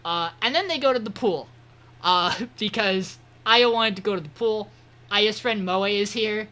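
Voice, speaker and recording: Bright-voiced man recapping anime casually. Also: high-pitched, unhurried. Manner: rambling, swearing retelling of an episode. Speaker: podcast co-host.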